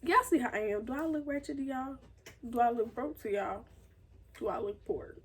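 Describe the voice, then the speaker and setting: A young woman, telling a profane, animated story about a fight at work in a casual vlog. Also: normal speed, breathy edge. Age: teens. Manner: animated, profane, acts out quotes in a higher voice. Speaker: vlogger.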